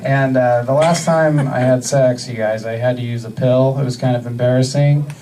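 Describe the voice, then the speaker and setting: Deadpan man doing stand-up from afar. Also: medium pitch, distant mic, slight background noise, poor audio. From US Northwest. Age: 30s. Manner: deadpan, halting delivery with many fillers. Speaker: stand-up comedian. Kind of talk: stand-up comedy set. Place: comedy club stage.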